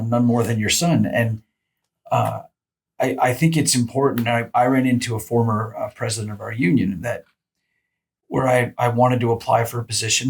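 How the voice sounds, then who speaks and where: A man's voice: mid-range voice, breathy edge. A man hosting a podcast, speaking earnestly and searching for his words. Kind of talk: casual conversation.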